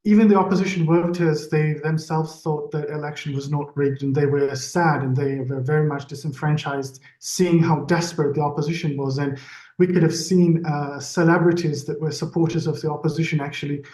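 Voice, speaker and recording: An earnest man making his case in a political discussion. His voice is fairly high for a man, and it rings in an echoey room. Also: steady tone, a little fast, a little mellow. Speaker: panel guest.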